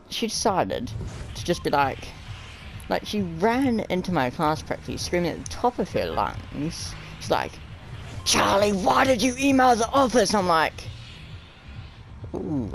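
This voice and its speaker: Recalling his school years, a young man narrates casually and rambles, using lots of fillers. He switches between high and low voices to play the people he quotes. His voice has vocal fry, and the poor recording carries slight background noise.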